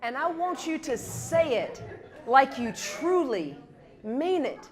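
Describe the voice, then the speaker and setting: A woman gives a motivational talk at a university event, leading the audience in a repeated chant and building up to shouts. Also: high voice, big pitch swings, takes it slowly. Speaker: guest speaker.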